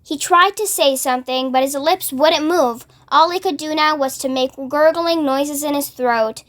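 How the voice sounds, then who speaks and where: A woman reading a children's book aloud, narrating in a clear, expressive way. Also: sits high, moderate pace. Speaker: storyteller.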